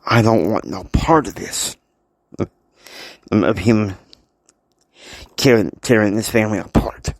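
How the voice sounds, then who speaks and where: A man's voice: lowish voice, slow pace, pauses often, dry recording. A man voicing an anxious young man confiding a family secret in an earnest, pleading way. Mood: worried.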